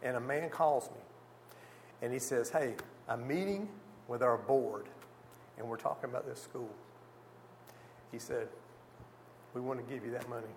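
Brief: man at mid pitch presenting a church mission slideshow, animated storyteller voicing other people, faint noise behind. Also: unhurried, long pauses. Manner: lively storyteller, acts out dialogue, exclaims "whew". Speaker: missionary speaker.

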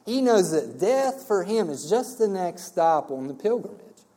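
Mellow-voiced man teaching scripture. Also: high-pitched, sing-song, measured pace. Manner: conversational, asks rhetorical "right?" checks. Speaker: preacher. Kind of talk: verse-by-verse Bible teaching.

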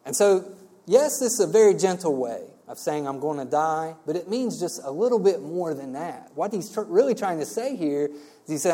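A man's voice: on the high side, animated, moderate pace, mellow, breathy edge. A man preaching verse by verse through a Bible passage in a conversational way, often checking in with the listeners. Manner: conversational, asks rhetorical "right?" checks.

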